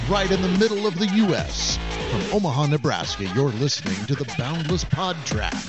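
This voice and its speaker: A man announcing a podcast intro in a booming promo style, with loud music under his voice.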